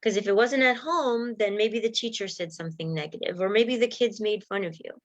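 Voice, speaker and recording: A woman's voice: medium pitch, brisk, muffled recording. A woman mindset coach giving a motivational talk to viewers, encouraging and acting out inner voices.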